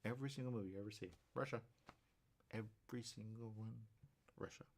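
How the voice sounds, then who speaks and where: A man's voice: lowish voice, brisk, slight background noise. A man hosting a talk show, rambling in a casual monologue, repeating himself and checking in with viewers.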